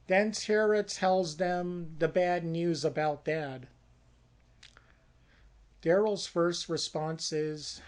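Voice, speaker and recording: A storyteller casually pitching a horror movie, narrating in a folksy, conversational way. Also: fairly even intonation, slow pace, long pauses.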